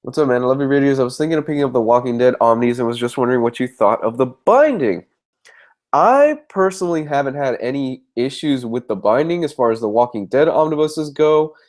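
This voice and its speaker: A man's voice: medium pitch, darkish tone. A young man with a congested, stuffed-up voice hosts a casual live stream. He chats loosely, backtracking and restarting his sentences as he answers viewers' questions. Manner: chatty, rambling with restarts. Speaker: comic book reviewer.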